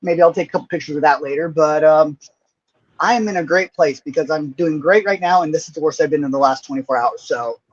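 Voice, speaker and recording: A man's voice: on the high side, fast talker, dull audio. A man joining a livestream as a guest from his basement by phone, easygoing and a bit hesitant. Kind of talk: casual chat on a livestream call. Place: basement, sitting on the floor.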